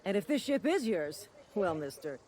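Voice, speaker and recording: Folksy corporate security guard. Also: male voice, high voice, sing-song, normal speed, darkish tone. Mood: officious. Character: folksy corporate security man, officious then fawning.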